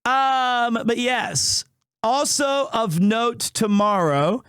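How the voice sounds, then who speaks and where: A man streaming live, chatting casually with his viewers and telling animated stories peppered with Japanese phrases. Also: very high voice, drawn-out words, clean tone, dry recording, studio quality.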